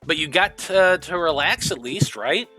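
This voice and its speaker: Man, game master, tabletop narration, upbeat, filler-heavy, bright tone, faint music behind. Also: fairly high pitch, moderate pace. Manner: relaxed, full of fillers, upbeat.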